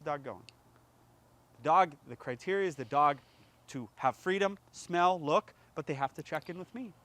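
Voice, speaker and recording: A man tells animated stories in a fairly high voice, acting out each scene as he goes. He throws in sound effects and quick little voices for the characters in his stories. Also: dry recording. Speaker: dog trainer in a played clip. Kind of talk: animated casual storytelling.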